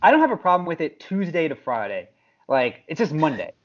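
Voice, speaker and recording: A man's voice: fairly high pitch, very animated, fairly quick. A man co-hosting a podcast, ranting in casual chat and mimicking people in exaggerated voices. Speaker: podcast co-host. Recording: dull lo-fi sound.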